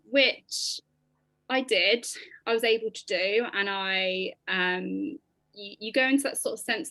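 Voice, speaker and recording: A woman in her thirties, a podcast guest telling her personal story in an animated, expressive way with lots of ums. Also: medium pitch, no echo.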